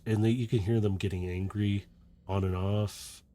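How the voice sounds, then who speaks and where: A man narrating a tabletop game as game master, slow and descriptive with frequent restarts. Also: fairly low pitch, fairly even intonation, warm tone.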